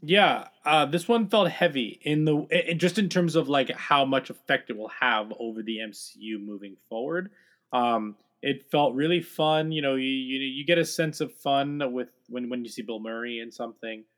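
A man's voice: medium pitch, normal speed, a bit bright. A young adult man co-hosting a pop-culture podcast, moving from an upbeat scripted intro into loose chat full of ums and uhs. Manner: upbeat reading of show promos, then loose chat with many fillers. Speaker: podcast co-host. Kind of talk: casual chat.

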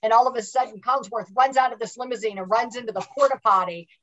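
A woman's voice: a little high, fast, fairly bright tone, poor audio. A woman guest on a podcast, chatting frankly and telling stories. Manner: frank, anecdotal storyteller. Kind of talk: casual chat.

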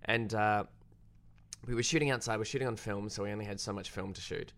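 A young Australian man, a filmmaker guest, telling a story in casual, self-deprecating chat. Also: fast. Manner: animated, self-deprecating, jumps pitch when quoting.

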